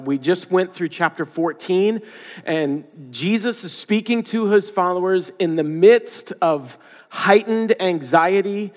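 A man's voice: sits high, long reverb tail. A man preaching a sermon as a pastor, conversational and emphatic, repeating phrases for stress.

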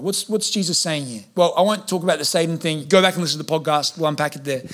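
Man, pastor, high-pitched, humorous sermon, playful quoted voices. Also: quick pace, hardly any pauses, a bit bright. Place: church hall with congregation.

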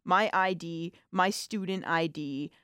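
Lively young woman radio co-host. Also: fairly low pitch, slow, clean tone, dry recording, clean studio sound. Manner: animated storyteller, acts out quoted lines. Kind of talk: casual radio chat. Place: college radio studio. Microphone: studio microphone.

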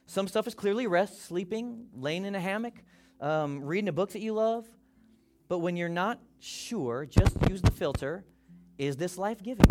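A pastor preaching a sermon to his congregation, animated, acting out people's worries in quick quoted asides. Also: high voice, over music.

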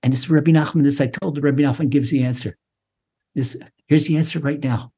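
A man teaching a Torah lesson as a rabbi, fervent and repetitive, rising in pitch to press each point home. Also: fairly even intonation, fairly quick, mellow, breathy edge. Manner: fervent, repeats key phrases, climbs higher in pitch to stress a point. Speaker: rabbi teaching a weekly class.

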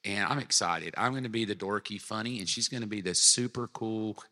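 A man's voice: on the low side, a little fast, pushed and bright. A man who is a pastor, guesting on a podcast in a casual, effusive, joking way. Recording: roomy with long reverb.

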